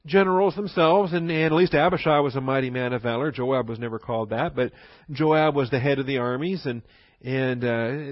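A man's voice: medium pitch, dry recording, lo-fi sound. Seorang pendeta pria menyampaikan khotbah pendalaman Alkitab dengan gaya santai dan bercakap, sering menyelipkan candaan dan tawa kecil. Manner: conversational, joking asides with chuckles. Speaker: pastor. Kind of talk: sermon.

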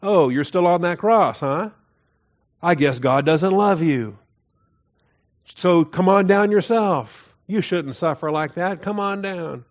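A man's voice: high voice, slow pace, voice pushed up. A man voicing a sneering male mocker who taunts a crucified man, jeering at him. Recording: dull lo-fi recording.

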